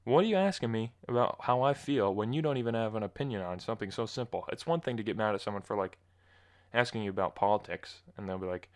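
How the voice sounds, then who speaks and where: A man's voice: on the low side, fast. Exasperated young man ranting on a podcast. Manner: rambling, exasperated ranting with restarts. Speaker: podcast host. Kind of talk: casual solo monologue.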